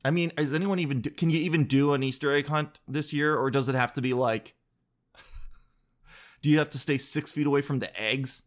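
A man's voice: a little high, fairly even intonation, moderate pace. A man telling comedic stories in a casual, rambling monologue, joking, cutting himself off and swearing freely.

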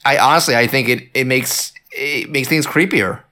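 A man casually discussing a horror movie, animated and full of fillers and restarts. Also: medium pitch, moderate pace. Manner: animated, lots of fillers and restarts, acts out quotes. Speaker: podcast co-host.

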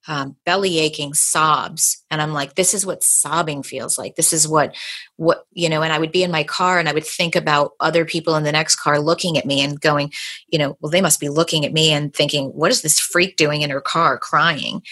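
Low-voiced woman podcast host. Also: sharp tone. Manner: chatty, storytelling, frequent fillers and restarts. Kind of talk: casual conversation.

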